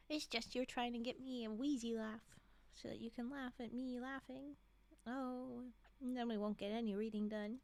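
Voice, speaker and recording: A woman reading holiday stories on a live stream, slightly hoarse from a frog in her throat, often breaking off to chat and giggle with viewers. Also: high voice, unhurried, pauses often, no room sound.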